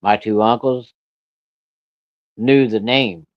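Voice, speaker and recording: Guy with a lowish voice spinning a blunt cussing folksy yarn, dull dry lo-fi sound. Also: fairly even intonation, takes it slowly, no echo. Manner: blunt, profane, folksy, with rural grammar. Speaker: storyteller recounting a personal encounter. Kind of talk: casual spoken storytelling.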